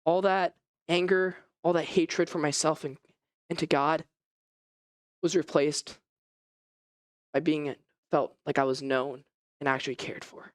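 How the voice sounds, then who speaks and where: A man preaching a first-person dramatic sermon as an animated storyteller whose voice rises and falls. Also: on the high side, a little slow, pauses often, dry recording, studio quality. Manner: animated storytelling, voice rising and falling.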